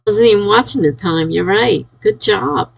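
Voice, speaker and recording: A woman's voice: mid-range voice, moderate pace, creaky, rough recording. A sleepy, yawning woman chatting casually on a live stream, reading out and cheering viewers' chat messages. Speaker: livestreamer.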